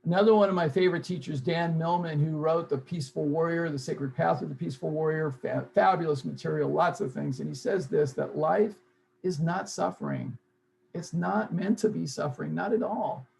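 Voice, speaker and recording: A man's voice: fairly high pitch, moderate pace, creaky, a little mellow, a little hiss or hum, low-quality recording. A man leading a self-help seminar, earnest and repeating key phrases for emphasis. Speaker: seminar leader.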